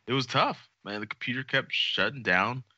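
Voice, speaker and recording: A man co-hosting a podcast, talking in an animated, jokey way and swearing freely. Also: medium pitch, moderate pace, no room sound, lo-fi sound. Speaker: podcast co-host. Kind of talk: casual podcast chat.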